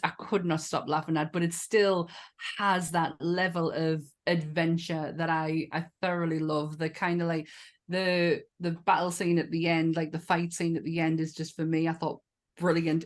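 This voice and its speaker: Chatty Northern English woman, swearing freely. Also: fairly low pitch. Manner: enthusiastic, swears freely, laughs often. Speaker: podcast co-host. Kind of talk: casual chat.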